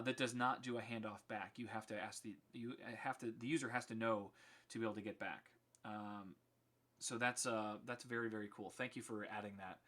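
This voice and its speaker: A man's voice: mid-range voice, fairly bright tone. A man casually explaining his code on a live stream, chatty with many ums and restarts.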